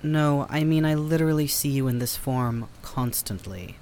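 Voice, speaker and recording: A man playing a dry, sardonic male companion who speaks in a formal, wordy, deadpan way in an audio drama. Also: medium pitch, moderate pace, a little hiss or hum, close to an everyday voice.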